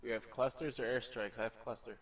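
A man's voice: medium pitch, steady tone, a little fast, far from the mic, a crowd in the background. A man in casual gaming voice chat, giving short tactical callouts to his squad. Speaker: squad player.

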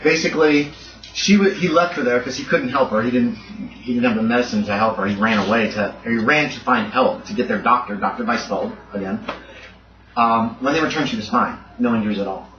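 A man's voice: mid-range voice, a little fast, fairly bright tone. A man running a tabletop horror game as game master, explaining the story in a rambling, self-correcting way. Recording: distant, roomy, dull and noisy. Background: dog barking nearby.

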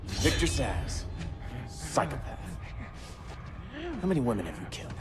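A man's voice: mid-range voice, big pitch swings, unhurried. An actor voicing an arrogant, cold young male assassin with a contemptuous tone in a video game. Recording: game audio with reverb and music. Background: game music.

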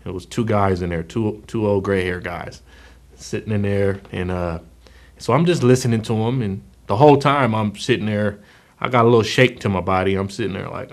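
A middle-aged man giving a personal testimony, speaking haltingly with many fillers and restarts, often quietly. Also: fairly low pitch. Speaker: former gang member telling his story.

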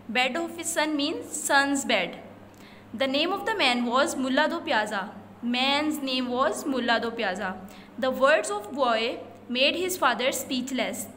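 Lady teacher, high voice, slow careful explaining, roomy echo and a bit of hiss. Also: bright, forceful tone. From Pakistan. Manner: slow, step-by-step explaining, repeats answers. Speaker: school English teacher. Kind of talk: recorded classroom lesson. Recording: echoey room with faint noise.

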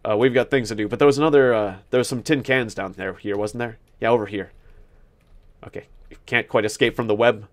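A man's voice: lowish voice, steady tone, brisk. A man hosting a gaming video, rambling through casual commentary as he plays, joking at his own expense and often restarting his sentences. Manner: rambling, self-mocking, laughs at his own jokes; thinks aloud with many restarts. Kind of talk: casual let's-play commentary.

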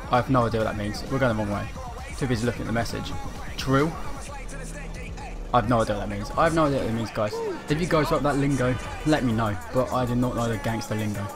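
A young Englishman talks through his gameplay in a loose, rambling way, full of fillers and asides, at an ordinary mid pitch. Loud game music runs under his voice the whole time. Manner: chatty, rambling, with many fillers. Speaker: gaming commentator. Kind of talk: casual let's-play commentary.

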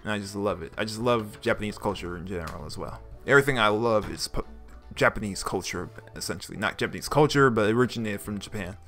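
A man's voice: on the low side, bright, forceful tone. A young man giving casual, joking let's play commentary as he reads the game text aloud and laughs often. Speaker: gaming YouTuber. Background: faint game music.

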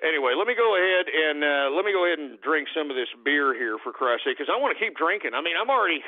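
Swaggering, foul-mouthed male radio host, tipsy, fairly high voice, thin phone-like sound. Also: lively intonation, fast. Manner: brash, profane, swaggering. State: tipsy from beer. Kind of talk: talk radio rant. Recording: tinny phone-like line.

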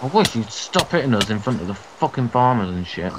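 A man's voice: mid-range voice, sing-song, brisk, very noisy. A man grumbling and cursing in mock exasperation while playing Minecraft with a friend. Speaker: gamer co-host. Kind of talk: casual Minecraft let's-play chat.

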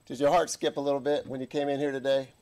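A man's voice: mid-range voice, level tone, fast, darkish tone. A man preaching a folksy sermon as a guest chaplain, jovial and joking with the congregation. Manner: jovial, chuckling, folksy asides.

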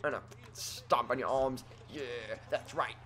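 A man giving excitable let's play commentary, trash-talking his opponent and swinging between quiet mutters and sudden yells. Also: medium pitch, unhurried. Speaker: gaming commentator.

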